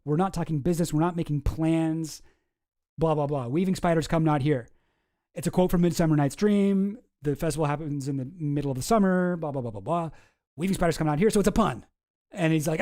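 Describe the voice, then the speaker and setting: A man's voice: on the high side, fairly quick, warm tone. A man hosting a casual commentary video, rambling and sarcastic, chuckling at his own jokes. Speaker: host.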